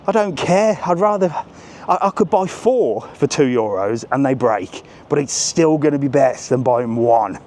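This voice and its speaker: With lively intonation and hardly any pauses, this travel vlogger talks at a normal speed in a mellow, medium-pitched voice. Walking resort streets live, he chats cheekily with viewers and reads out their messages. Faint street and traffic noise sits in the background.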